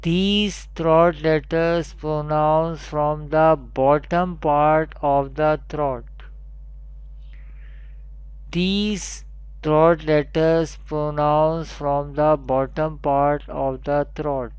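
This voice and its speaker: A man, teaching an online Quran pronunciation lesson and drilling each letter with slow repetition. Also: fairly high pitch, little pitch movement, darkish tone, clear, resonant tone, no room sound.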